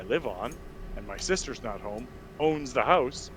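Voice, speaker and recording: A man's voice: medium pitch, normal speed, a little hiss or hum. A man at a tabletop game table, ranting and telling a story with lots of swearing and filler words. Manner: profane, animated storytelling with lots of "like". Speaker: player. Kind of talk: heated out-of-character table talk.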